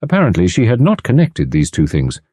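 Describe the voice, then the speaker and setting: A man narrating an audiobook in an expressive reading style. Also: lowish voice, brisk, husky, dry recording. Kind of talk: scripted narration. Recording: dry close studio sound.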